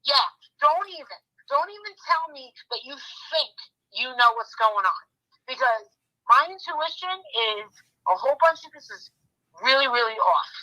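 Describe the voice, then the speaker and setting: A woman's voice: high-pitched, animated, moderate pace, pushed and bright, dull audio. A woman YouTuber chatting casually, retelling events in a rambling, blunt way with lots of restarts and some swearing. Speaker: true-crime YouTuber. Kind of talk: casual chat.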